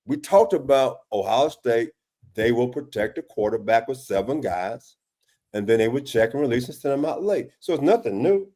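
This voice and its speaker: A man's voice: on the high side, dark tone. Emphatic man breaking down football film. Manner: emphatic, exasperated questioning, often addresses co-host by name; frequent restarts and repeated words. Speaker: football defensive analyst. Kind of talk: casual film-breakdown discussion.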